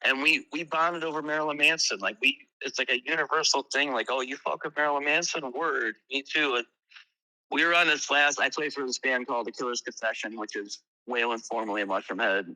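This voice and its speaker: A man who is a guest musician, telling tour stories in a casual interview, animated and swearing freely. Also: mid-range voice, fairly quick, rough recording.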